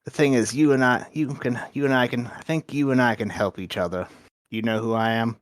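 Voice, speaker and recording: A man voicing a scheming gang representative in a tabletop game, speaking slyly and probing with drawn-out pauses. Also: mid-range voice, steady tone, no echo, lightly acted.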